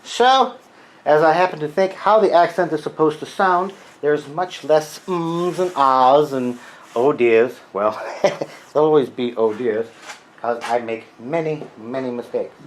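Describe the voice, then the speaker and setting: A man's voice: on the high side, unhurried, a little hiss or hum, poor audio. Grumbling man in a mock Freudian accent. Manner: grumpy, dry sarcastic asides. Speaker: workshop vlogger. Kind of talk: rambling workshop monologue. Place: home workshop.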